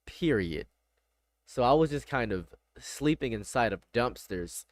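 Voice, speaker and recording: A man's voice: medium pitch, expressive, measured pace, no echo. A man streaming casual reaction commentary, blunt and rambling, often repeating himself.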